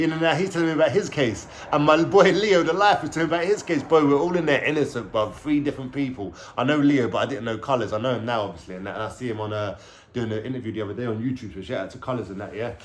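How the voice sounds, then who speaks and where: A man with a London accent recounts a story straight to camera, lively and animated. His talk is loose and streetwise, thick with slang and casual swearing. His voice sits at an ordinary middle pitch for a man. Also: a little hiss or hum. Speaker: vlogger telling his life story.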